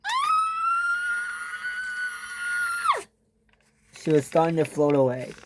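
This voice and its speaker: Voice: mid-range voice, moderate pace, very noisy. A narrator telling a toy train story in a dramatic storytelling style, switching into character voices. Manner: dramatic, breaks into character voices and sound effects.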